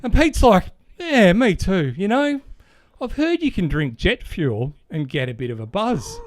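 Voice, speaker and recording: A man's voice: high-pitched, very animated, unhurried, no echo. An Australian man co-hosting a podcast, chatting casually and rambling through a dad joke, with plenty of fillers and chuckles. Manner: rambling, fond of fillers, chuckles at own jokes. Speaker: podcast co-host.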